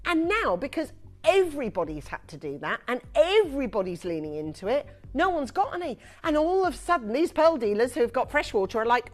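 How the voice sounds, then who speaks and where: A woman's voice: sits high, very animated, a little fast, soft background music. A woman presenting on a shopping channel, chatty and emphatic in live sales patter. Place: TV studio.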